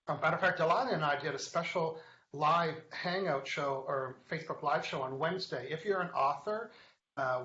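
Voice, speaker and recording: A man's voice: a little high, a bit bright. Playful man hosting a live show. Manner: playful, joking, reads viewer comments aloud. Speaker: host of a weekly live online show. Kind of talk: casual live-stream chat and teaching. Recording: echoey, dull lo-fi webcast sound.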